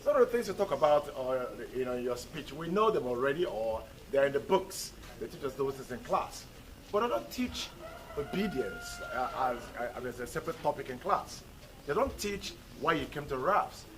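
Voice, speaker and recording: A man's voice: medium pitch, sing-song, normal speed. A male teacher in a school classroom, drilling pronunciation and talking to his students with rhetorical questions. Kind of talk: classroom lesson and talk to students. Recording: noisy classroom recording.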